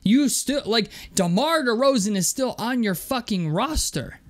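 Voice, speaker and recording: A man's voice: extremely high pitch, animated, unhurried. A young man delivering an angry, profane basketball rant, stumbling over and repeating his words as he vents. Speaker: sports commentator.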